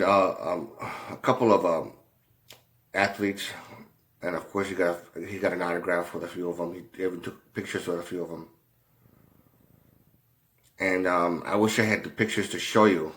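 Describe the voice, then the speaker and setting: A man telling a rambling story in a casual way, halting often, with many fillers and restarts and a lot of swearing. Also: sits low, a bit bright. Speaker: commentator.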